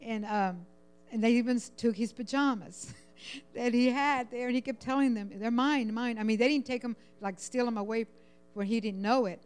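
A woman sharing a personal prayer request at church, rambling and halting with many fillers, sounding overwhelmed and close to tears. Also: fairly high pitch, darkish tone, clean tone. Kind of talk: emotional personal testimony.

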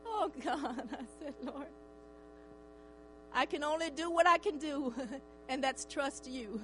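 A woman's voice: high voice, slow, a bit bright, faint music behind, poor audio. An older woman giving an emotional church testimony, fervent and tearful, often breaking into cries of praise.

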